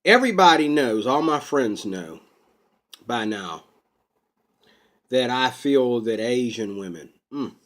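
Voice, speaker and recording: Slow, rambling man vlogging. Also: medium pitch, expressive, fairly bright tone. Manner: slow, unscripted, many drawn-out ums. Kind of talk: rambling personal vlog monologue. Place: Pittsburgh.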